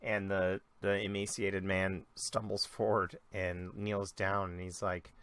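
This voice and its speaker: A young man runs a tabletop game as dungeon master. His voice is bright and fairly low, and he tells the story loosely, full of fillers and restarts. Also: flat delivery, a little slow.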